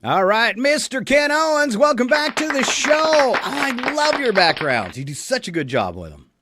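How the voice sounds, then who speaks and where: A man's voice: very high-pitched, big pitch swings, normal speed, over loud music. A male radio host chatting casually and teasing his co-hosts. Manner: playful, teasing. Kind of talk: casual chat.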